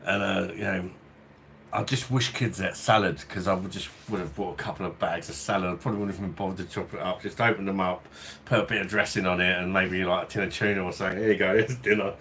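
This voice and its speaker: A London man with a Cockney, South East London accent does a livestreamed beer review at home, chatting, rambling and chuckling often while a fan runs in the hot weather. He talks fast in a low, steady, gravelly voice that is bright and forceful, with slight background noise.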